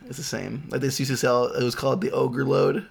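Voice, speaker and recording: A podcast co-host with a gravelly, creaky voice. They toss out crude jokes in a deadpan way and sometimes mumble through casual banter. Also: medium pitch, fairly quick. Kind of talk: casual chat.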